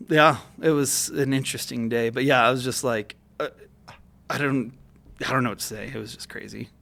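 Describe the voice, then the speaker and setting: A man's voice: medium pitch, fairly even intonation, moderate pace, gravelly, a bit bright. A man guest on a podcast, telling a story in a casual, profane way full of fillers. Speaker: guest, military veteran. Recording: podcast studio mic.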